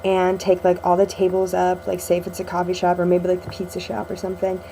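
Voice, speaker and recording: A woman's voice: on the low side, monotone, fast talker, mellow, slight background noise, poor audio. A young woman chatting in a casual video diary to a friend, rambling and sarcastic, with lots of ums, recorded at home. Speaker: vlogger.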